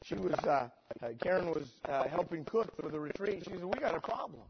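A high-voiced middle-aged preacher tells a story from the pulpit, swinging between deadpan sarcasm and loud, heartfelt peaks. The recording is dull and lo-fi, with steady noise underneath. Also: male voice, brisk, gravelly. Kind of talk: storytelling sermon.

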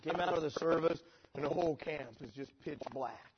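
A high-voiced middle-aged preacher tells a story from the pulpit, swinging between deadpan sarcasm and loud, heartfelt peaks. The recording is dull and lo-fi, with steady noise underneath. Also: male voice, normal speed. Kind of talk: storytelling sermon.

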